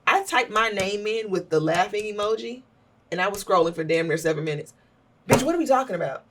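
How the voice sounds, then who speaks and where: A woman co-hosting a podcast, telling stories in a blunt, profane, animated way. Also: medium pitch, a little fast, far from the mic. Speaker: podcast co-host. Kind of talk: casual chat.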